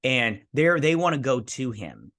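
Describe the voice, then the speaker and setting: A man in his thirties giving a casual, spoiler-filled review of a TV episode. He talks in an excitable, rambling way, full of "like" and quick restarts. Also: medium pitch. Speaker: TV show reviewer.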